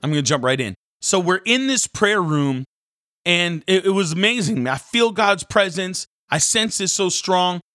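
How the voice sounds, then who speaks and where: A man hosting a devotional podcast, telling a story in an animated, casual, preacher-like way. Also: high voice, a little slow, dry recording, clean studio sound, faint music behind. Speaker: podcast host.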